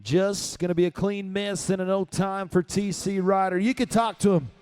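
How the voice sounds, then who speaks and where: A man's voice: high-pitched, steady tone, normal speed, darkish tone, smooth, no room sound. A man calling a live rodeo as announcer, with hyped, punchy play-by-play calls.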